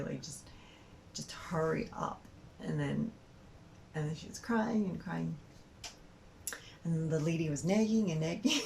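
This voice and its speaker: A woman's voice: low-pitched, vocal fry, a little mellow, slight background noise, poor audio. A woman telling a story casually, rambling with lots of fillers. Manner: rambling, full of "like" and "um".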